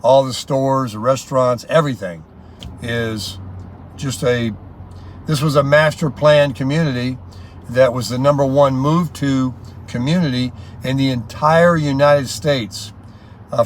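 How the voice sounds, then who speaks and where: A man's voice: medium pitch, measured pace, a little hiss or hum. A man talking in a casual, rambling, folksy vlog style. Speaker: vlogger.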